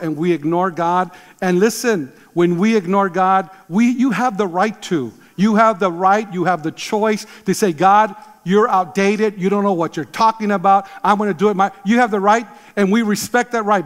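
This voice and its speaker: Pastor, man in his 60s, emphatic sermon delivery, high voice, long hall reverb. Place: church sanctuary.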